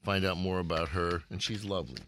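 Bright-voiced joking radio host man. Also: sits low, fast talker, slight background noise. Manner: joking, teasing, playful banter. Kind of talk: casual radio chat.

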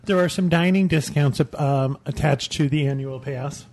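A man's voice: on the high side, moderate pace, darkish tone. A man co-hosting a podcast, chiming in with offhand, joking remarks in casual chat. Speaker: podcast co-host.

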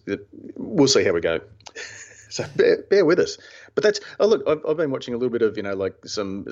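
A man's voice: low voice, lo-fi sound. A man with an Australian accent hosting a podcast from his home studio, chatting casually with restarts and rambling asides. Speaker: podcast host. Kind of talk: casual chat and read sponsor spot.

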